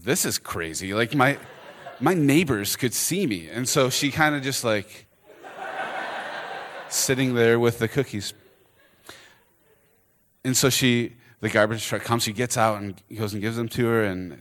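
A man preaching, telling a story and acting out the characters' lines with lively energy. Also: lowish voice. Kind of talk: storytelling sermon.

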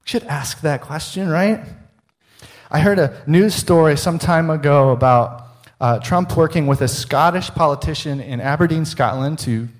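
Conversational preacher with a higher voice. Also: male voice, normal speed. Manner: conversational, humorous, asks the congregation questions. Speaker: pastor. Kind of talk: sermon.

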